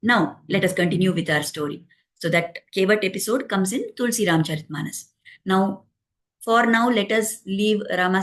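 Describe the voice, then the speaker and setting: A woman narrating a devotional story in a calm, explanatory way, adding moral lessons. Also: medium pitch.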